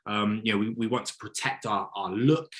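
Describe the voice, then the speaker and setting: A man giving his opinions in a casual football chat, animated and blunt, often acting out what others might say. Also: fairly low pitch, moderate pace. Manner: opinionated, animated, mock-quotes others in put-on voices. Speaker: podcast co-host, football fan.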